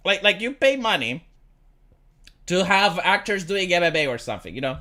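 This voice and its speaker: A woman's voice: fairly low pitch, big pitch swings, moderate pace, bright, forceful tone. A woman live streamer doing casual reaction commentary, sarcastic and profane, often stumbling over repeated words.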